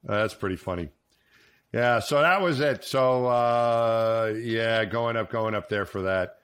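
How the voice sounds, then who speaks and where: An American man co-hosting a casual podcast chat, easygoing and quick to laugh along with his guest. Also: lowish voice, a bit bright, clear, resonant tone. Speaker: co-host, public speaker.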